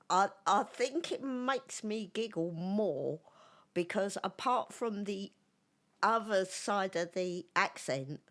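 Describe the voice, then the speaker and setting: A woman with a Cockney accent co-hosting a podcast, talking in a halting way with plenty of fillers and giggles. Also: mid-range voice, expressive, a bit bright. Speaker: podcast co-host. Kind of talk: casual podcast chat.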